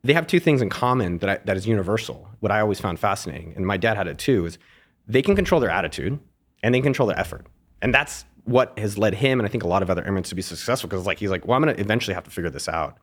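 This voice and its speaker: Fast-talking man telling stories. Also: on the low side. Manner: fast, animated storyteller with frequent restarts. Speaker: podcast guest, entrepreneur. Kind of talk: casual interview storytelling.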